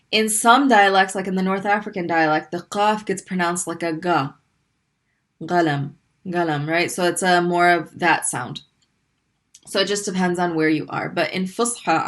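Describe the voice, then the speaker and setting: A woman's voice: fairly low pitch, fairly bright tone. A woman teaching a recorded Arabic lesson, patiently repeating sounds for learners to practice.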